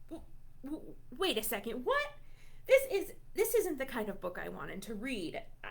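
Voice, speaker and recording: A female librarian's high-pitched, sing-song voice, touched with vocal fry, carries a read-aloud of a silly book for young kids at a measured pace. She stays playful, reacting to the story with pretend indignation.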